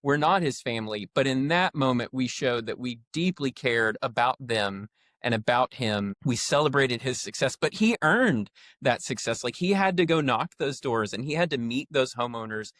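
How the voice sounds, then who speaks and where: A man telling a workplace story with lively retold quotes in a casual podcast conversation. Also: medium pitch, normal speed, dry recording. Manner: animated storyteller, acts out quotes. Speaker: podcast guest, roofing company leader.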